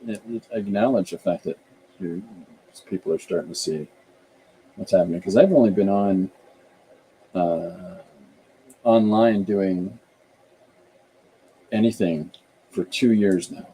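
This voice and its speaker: A man's voice: low voice, a little slow, pauses often, warm tone, slight background noise, poor audio. A middle-aged man from Canada, a podcast host and author, chatting casually and thinking aloud with frequent restarts.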